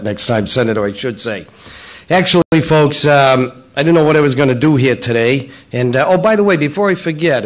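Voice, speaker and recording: Brief: middle-aged man roasting local officials, playful, jokey, mid-pitched, in a banquet room. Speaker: local politician speaking at a breakfast. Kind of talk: roast-style joke telling. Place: banquet room at a public breakfast.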